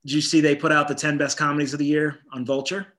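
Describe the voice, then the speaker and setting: Comedian guy on a podcast, bright tone, chatty, laughs a lot. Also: a little high, flat delivery, fast. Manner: chatty, laughs easily, runs through lists. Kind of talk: casual chat.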